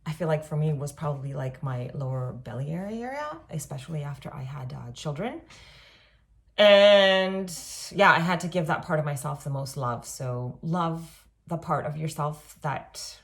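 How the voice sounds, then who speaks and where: A woman in her thirties talking casually and reflectively in a self-help monologue, often pausing on "um" and "like". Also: sits low. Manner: gentle, reflective, with frequent "um" and "like".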